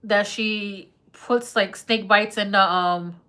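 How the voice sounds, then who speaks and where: A woman's voice: medium pitch, steady tone, slow pace, bright, forceful tone. A woman doing a live tarot reading in a chatty, laughing, slangy way. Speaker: tarot reader.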